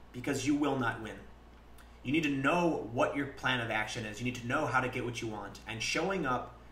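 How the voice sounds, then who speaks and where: Speaking at a medium pitch with a slightly bright tone, a man hosting a livestream chats earnestly in casual commentary. He plays out back-and-forth exchanges as quotes. The recording sounds roomy, with faint background noise.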